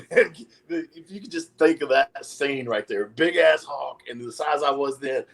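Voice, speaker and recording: A man's voice: medium pitch, moderate pace, creaky, poor audio. Laid-back middle-aged man telling stories. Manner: profane, laid-back, chuckling between stories. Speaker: podcast guest, retired pro wrestler. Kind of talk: casual storytelling.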